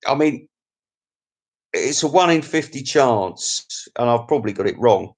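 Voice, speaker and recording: A man's voice: medium pitch, animated, measured pace. A man hosting a casual live stream, reading viewer comments and chatting in a cheeky, rambling, crude way with frequent laughs. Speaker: YouTube live-stream host.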